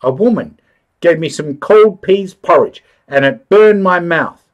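A man's voice: a little high, lively intonation, measured pace, muffled recording, pitched above the performer's own voice. A man doing the bewildered Man in the Moon. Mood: earnest. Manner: polite, earnest, easily startled.

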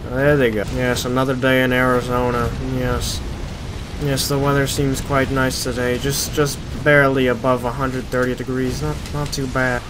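A man's voice: medium pitch, little pitch movement, moderate pace, background noise. A young man giving casual gameplay commentary, joking and exasperated as he talks to himself. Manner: joking, exasperated self-talk. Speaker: gaming video creator. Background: loud game music.

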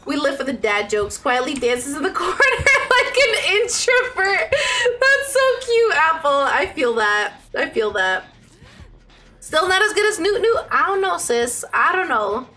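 Young woman streamer, high and bright-voiced, excitable gaming chatter with chat. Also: measured pace. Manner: excitable, squealing, talks to chat. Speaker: Twitch streamer.

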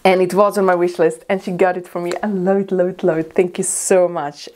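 Excitable woman vlogger with a low voice. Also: brisk, a little hiss or hum. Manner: excitable and emotional, squealing with delight. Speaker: beauty vlogger. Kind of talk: casual unboxing vlog.

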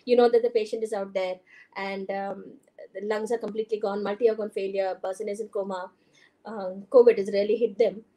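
A woman's voice: mid-range voice, flat delivery, a little fast, mellow. A woman doctor from India with an Indian English accent, giving a conversational conference talk with many fillers and some Hindi phrases. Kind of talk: lecture presentation. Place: conference hall.

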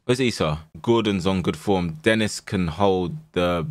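A young man streaming a football management game, shouting at his players and then dropping to low mutters. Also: a little slow, no echo. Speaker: gaming streamer. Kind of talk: live game commentary.

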